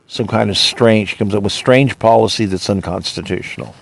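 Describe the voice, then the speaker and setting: A man's voice: lowish voice, brisk, gravelly. A man hosting his own podcast, ranting indignantly and retelling his arguments with officials. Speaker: podcast host. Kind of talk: monologue.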